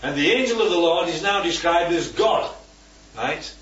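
Man leading a group Bible study, fairly high voice, lively, keeps asking "right?"; distant roomy mic. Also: moderate pace. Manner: keeps checking in with "right?" and "yeah?"; asks the group questions. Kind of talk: teaching a group discussion. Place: room with a small group. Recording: roomy, distant, dull-sounding recording.

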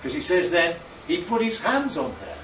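A man preaching a sermon, lively and constantly checking in with his listeners by asking "right?" and "yeah?". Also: high-pitched, moderate pace, a little hiss or hum. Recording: echoey, distant, dull sound with faint ambience.

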